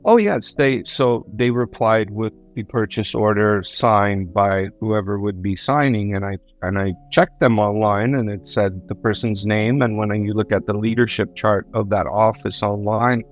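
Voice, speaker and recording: A man's voice: on the low side, a little slow, hardly any pauses, faint music behind. A man telling how a deal went wrong, in a rambling way that repeats and corrects himself. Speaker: guest, government contractor. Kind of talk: conversational storytelling.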